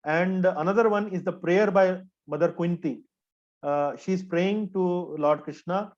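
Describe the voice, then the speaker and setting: Man, scripture teacher, somewhat high voice, earnest, hesitant fillers, dull lo-fi sound. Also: darkish tone. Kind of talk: explanatory spiritual lecture. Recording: dull lo-fi recording.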